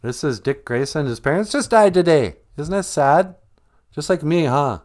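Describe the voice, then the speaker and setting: Brief: man doing a boastful, self-pitying rich hero, slightly raised pitch, comic storytelling read. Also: animated, moderate pace, darkish tone, close to an everyday voice. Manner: boastful, oblivious, talks up his own sad past.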